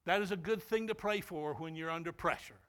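A man, a pastor, preaching a sermon and shifting into a quiet storytelling tone for a personal anecdote. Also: on the high side, brisk.

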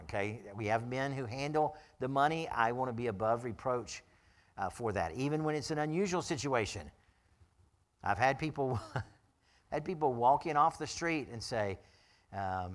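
A man's voice: medium pitch, lively intonation, moderate pace, a bit bright. A man serving as pastor, preaching a sermon in a conversational way with dry humor and frequent chuckles.

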